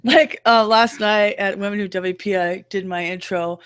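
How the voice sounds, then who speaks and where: A woman with a low voice, co-hosting a casual web talk show and breaking into playful impressions as she talks. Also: level tone, normal speed, fairly bright tone, clear, resonant tone, dry recording, clean studio sound. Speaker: podcast co-host. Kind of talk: casual chat.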